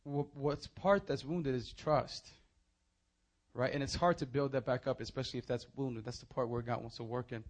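A young man preaching a sermon, moving from hushed, earnest appeals to loud, animated storytelling. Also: medium pitch, normal speed.

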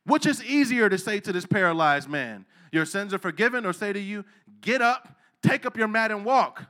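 A man preaching a sermon in a casual, slangy way, asking the listeners questions and swinging between low asides and loud, emphatic preaching. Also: expressive, normal speed. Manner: casual street slang, asks the crowd questions.

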